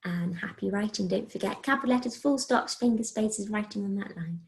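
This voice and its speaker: Primary teacher, woman, slightly gravelly, patient sing-song phonics delivery, stretched syllables. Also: mid-range voice, low-quality recording. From England. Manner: slow, sing-song, sounding out letters and words. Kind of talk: remote phonics writing lesson for young children.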